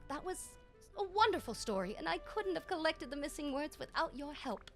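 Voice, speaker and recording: A woman's voice: high-pitched, sing-song, brisk, soft background music. Woman voicing a sweet, gushing game character. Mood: grateful. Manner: gushing, thankful.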